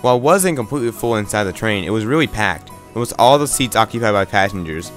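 A man's voice: lowish voice, lively intonation, fast, faint music behind. A man reading a visual novel aloud, stumbling and restarting words, with wry asides.

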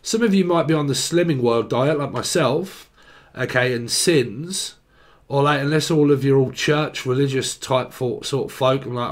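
A man's voice: mid-range voice, normal speed. A man giving a rambling, jokey solo tarot reading, free-associating and trying out silly voices. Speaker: tarot reader.

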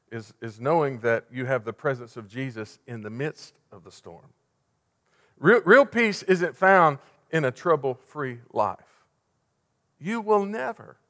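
A man preaching a sermon, fervent one moment and hushed the next. His voice sits slightly high, and it rings out with a long reverb in a church sanctuary. He builds to urgent peaks, then drops to near a whisper. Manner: impassioned, swinging from loud urgency to hushed softness. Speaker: pastor.

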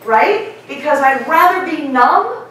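A middle-aged woman delivers a keynote talk, keeping it lively with questions to her audience. Her voice sits a little high and rings around a big echoing conference hall, picked up from some distance. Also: takes it slowly, slight background noise. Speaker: keynote speaker. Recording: echoey hall, mic from far off.

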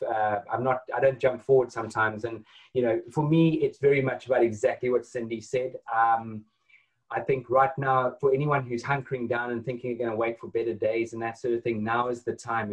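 A man's voice: mid-range voice, rough recording. A man who leads a training course, speaking hesitantly with many fillers on a video call. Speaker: course leader. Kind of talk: casual call chat.

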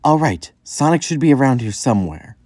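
A man's voice: mid-range voice, very animated, brisk, a little mellow, dry recording, clean studio sound, pitched above the performer's own voice. A man voicing a determined young female hedgehog heroine in a raised, spirited voice.

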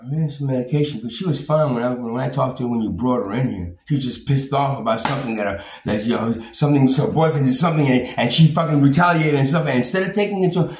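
A man with a mid-range, slightly mellow voice rants angrily and quickly about his own life, barely pausing. He swears often, stumbles over repeated words and lets out bitter laughs, recorded with a roomy echo and faint background noise.

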